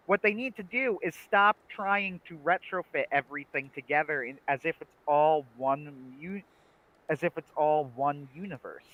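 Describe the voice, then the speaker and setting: A man's voice: fairly high pitch, highs cut off. A man co-hosting a livestream, chatting casually and making emphatic, opinionated points. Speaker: livestream co-host. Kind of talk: casual chat.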